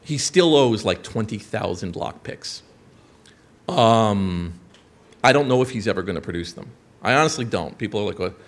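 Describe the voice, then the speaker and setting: A man in his thirties telling a profane story to an audience, animated, swearing and jumping into quoted voices. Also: fairly low pitch, moderate pace.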